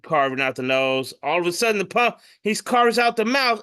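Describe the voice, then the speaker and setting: A man co-hosting a casual podcast, describing memes aloud and jumping into quick voices for the characters. His voice is bright and sits a bit high, with a lively pitch that rises and falls. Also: smooth. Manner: animated, puts on voices for meme characters. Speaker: podcast co-host.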